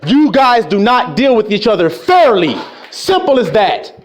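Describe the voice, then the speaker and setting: A man's voice: sits high, big pitch swings, a little slow, hardly any pauses. A man delivering an angry, profane street sermon, scolding his listeners and mocking the voices of people he quotes. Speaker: preacher.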